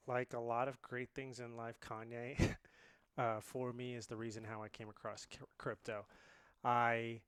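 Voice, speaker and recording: A man in his late twenties, originally from India, telling a story as a podcast guest in a lively, laughing way. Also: medium pitch, unhurried, smooth, no room sound. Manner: animated, laughs often. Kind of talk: casual storytelling.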